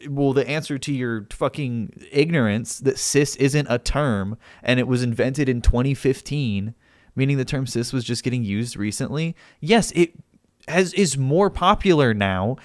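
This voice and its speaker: Exasperated streamer man, heated and fast. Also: a little high, no echo, clean studio sound. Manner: heated, exasperated, argumentative, swears a lot. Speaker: livestreamer. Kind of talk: live stream chat argument.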